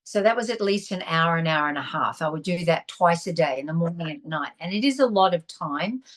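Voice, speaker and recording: A woman's voice: on the low side, animated, brisk. A woman, a guest on a video call, telling a personal story candidly with emotion and restarts. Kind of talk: casual video-call interview.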